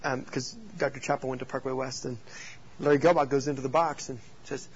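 A man, a youth pastor, teaching youth leaders through animated, joking stories and rhetorical questions. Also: medium pitch, fairly quick, husky, muffled recording.

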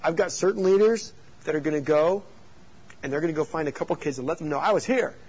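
A man, a youth pastor, teaching youth leaders through animated, joking stories and rhetorical questions. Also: a little high, quick pace, breathy edge, highs cut off.

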